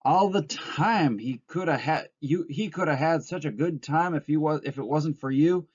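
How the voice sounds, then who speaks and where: A man voicing a scolding woman, the aunt of a simple-minded man, with a sharp, nagging manner in a story read aloud. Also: fairly high pitch, normal speed, husky, pitched above the performer's own voice. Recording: dull lo-fi recording.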